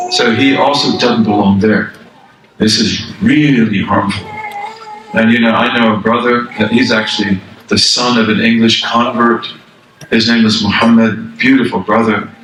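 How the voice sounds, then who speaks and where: A man's voice: lowish voice, far from the mic, background noise. An older man, an Islamic scholar, giving a conversational religious lecture, repeating phrases for emphasis and asking the audience questions. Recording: echoey room, speaker away from the mic.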